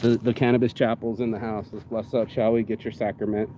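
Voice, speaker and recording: A man's voice: lowish voice, little pitch movement, brisk, warm tone, slight background noise. A man rambling through a profane, preachy motivational talk while vlogging in an outdoor park. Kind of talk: casual motivational vlog.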